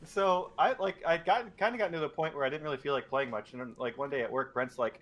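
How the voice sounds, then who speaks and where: A man's voice: fairly high pitch, fast talker, hardly any pauses. A man in his thirties co-hosting a podcast, telling a story in casual chat with frequent laughs. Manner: laughs often, animated storytelling. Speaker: podcast co-host.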